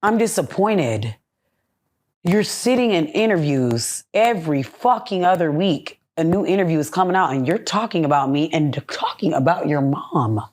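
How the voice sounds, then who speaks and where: A young woman venting in a candid podcast interview, blunt and full of profanity. Her voice sits a little low for a woman. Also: lively intonation, normal speed, few pauses, a little mellow. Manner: blunt, profane, heated ranting. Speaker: podcast guest.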